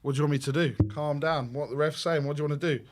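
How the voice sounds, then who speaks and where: A man hosts a live football watch-along stream in an excitable, exclaiming way. His voice sits a little high. He jumps between reacting to the match and reading out viewer messages. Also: fast talker, noisy background.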